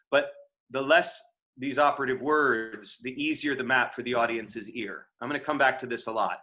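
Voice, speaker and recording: A man's voice: mid-range voice, bright, forceful tone. An American man lecturing on acting over a video call, talking casually with frequent fillers and restarts. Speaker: acting teacher. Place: home room on a video call. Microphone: video call microphone.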